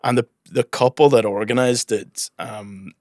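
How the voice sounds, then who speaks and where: A man's voice: medium pitch, steady tone, measured pace, no echo, studio quality. A young man, a comedian guest, chatting casually and laughing often as he tells a story.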